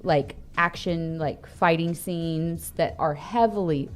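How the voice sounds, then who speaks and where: A woman's voice: low-pitched, takes it slowly, faint music behind. A woman co-hosting a casual movie discussion, enthusiastic and chatty. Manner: enthusiastic, chatty, laughs easily. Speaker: co-host.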